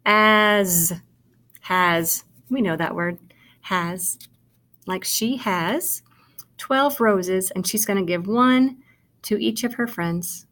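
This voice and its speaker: A woman with a medium-pitched voice speaks slowly while teaching kindergarten sight words to young children. Sounding out and spelling each word, she addresses the watching child directly, patiently encouraging and praising them.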